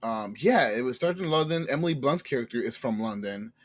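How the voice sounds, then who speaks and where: Husky man in easy movie chat. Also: mid-range voice, lively intonation, fairly quick. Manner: easygoing, laughs along, stammers. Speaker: podcast co-host. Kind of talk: casual movie review chat.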